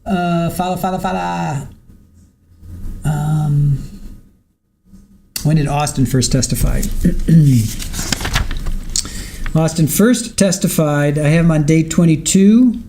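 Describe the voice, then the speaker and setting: A man hosts a casual live stream from home, recapping a court day in a loose, chatty way. He reads viewer comments aloud and breaks off to fuss over his dog. His voice is gravelly and mellow, with faint background noise. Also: on the high side, slow, pauses often. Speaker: livestream trial commentator.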